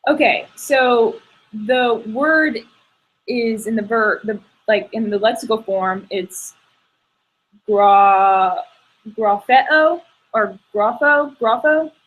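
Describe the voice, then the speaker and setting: A woman's voice: medium pitch, fairly even intonation, slow pace, rough recording. A woman student in a Greek tutoring session, eager and checking her answers.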